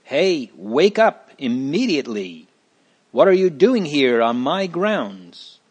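Casting: a man putting on a bossy storybook giant, raised and loud, roaring orders. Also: on the high side, big pitch swings, slow pace, husky, pitched above the performer's own voice, heavily acted. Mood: angry. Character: huge angry male giant, domineering.

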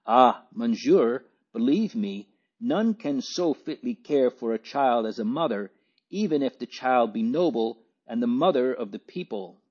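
A man's voice: medium pitch, animated, measured pace, darkish tone, slightly rough. A man reading an audiobook, voicing an indignant, motherly baker's wife who pleads earnestly. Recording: dull lo-fi recording.

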